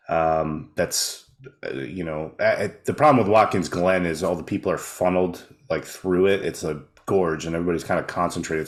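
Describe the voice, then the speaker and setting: Man, very deep voice, casual podcast chat, rambling, filler-heavy. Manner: rambling, many filler pauses. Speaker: podcast co-host and photographer.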